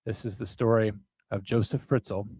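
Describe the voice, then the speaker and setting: A man hosting a comedic true crime podcast, mixing dark story narration with deadpan sarcastic jokes. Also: on the low side, normal speed, rough recording. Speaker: podcast host.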